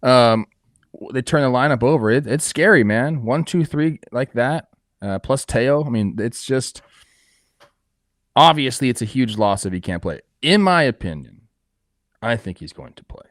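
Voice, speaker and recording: A middle-aged man co-hosting a baseball talk show, giving relaxed analysis from his playing experience. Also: medium pitch, moderate pace, no room sound, clean studio sound. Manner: relaxed, hedging with fillers. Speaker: co-host, former player. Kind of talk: casual sports analysis.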